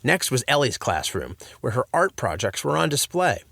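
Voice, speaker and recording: A man's voice: medium pitch, big pitch swings, normal speed, creaky, fairly bright tone, no echo. A man narrating a children's story in a playful, scripted storybook reading, in a dry close-mic recording.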